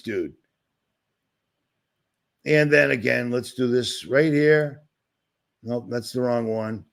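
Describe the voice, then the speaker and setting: A man from Boston rants on his livestream, sarcastic and easily agitated, circling back on himself as he goes. His voice has a gravelly, fry-edged texture. He sits at a middle pitch for a man and talks into a computer mic. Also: measured pace, pauses often. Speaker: livestream host. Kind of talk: ranting livestream commentary.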